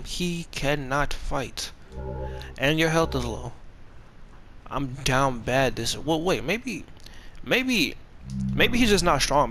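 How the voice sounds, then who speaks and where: A man's voice: medium pitch, a bit bright, slight background noise. A man giving casual gameplay commentary, rambling along in profane, slangy, laid-back talk. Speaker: gamer streaming a playthrough.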